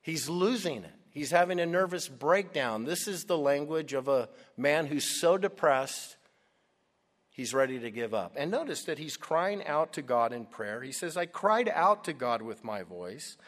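A man preaching a sermon, dramatic, dropping to a hush and then rising loud. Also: fairly high pitch, lively intonation, normal speed. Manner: dramatic, swings from hushed to loud. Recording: long hall reverb.

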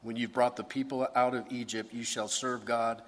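A man's voice: mid-range voice, flat delivery, normal speed, a bit bright, in a large hall, natural voice. A man voicing God in a sermon, speaking to Moses in an intimate, reassuring way. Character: God, tender reassuring male divine voice.

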